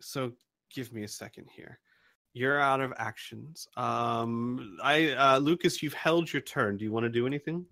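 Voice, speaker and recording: Male game master, deliberate and thoughtful, bright tone, dry close mic. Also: mid-range voice, no room sound. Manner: deliberate, pauses to think. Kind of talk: running a tabletop game.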